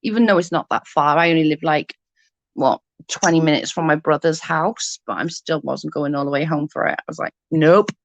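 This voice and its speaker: Chatty British woman, lowish voice. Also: fairly quick, no echo, highs cut off. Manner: chatty, rambling, answers comments. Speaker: livestreamer. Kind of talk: casual chat with viewers.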